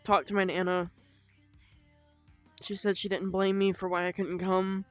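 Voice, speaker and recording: Halting young woman telling her story. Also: medium pitch, little pitch movement, dry recording, soft background music. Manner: halting and emotional, with frequent swearing. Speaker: vlogger. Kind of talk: unscripted personal story.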